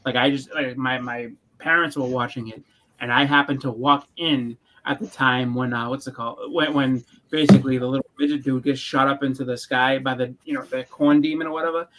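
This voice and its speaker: A man's voice: medium pitch, steady tone, a bit bright, slight background noise, poor audio. A young man in casual chat, rambling with restarts and acting out moments as he goes. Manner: rambling, restarts, quick reenactments.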